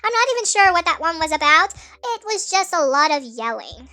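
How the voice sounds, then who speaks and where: A woman narrating a story game with jokey asides and tripping over words, with a sped-up, pitched-up nightcore effect. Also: very animated, normal speed, bright, forceful tone. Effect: sped-up, pitched-up nightcore edit. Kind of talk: playthrough narration with commentary.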